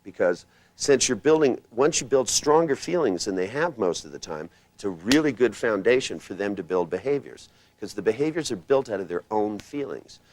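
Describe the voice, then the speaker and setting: A man's voice: fairly low pitch, expressive, normal speed, a little mellow, a little hiss or hum. An older man teaching hypnotherapy techniques in a live workshop, rambling and conversational with punchy spoken commands.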